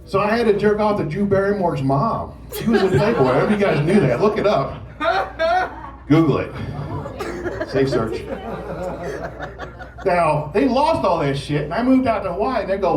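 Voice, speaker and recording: A man in his forties doing a stand-up set at an open mic, telling stories and acting out shouting drill instructors, with the audience laughing. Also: sits high, expressive, moderate pace, distant mic. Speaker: stand-up comedian. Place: comedy club stage. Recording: roomy club sound from off mic with loud crowd laughter.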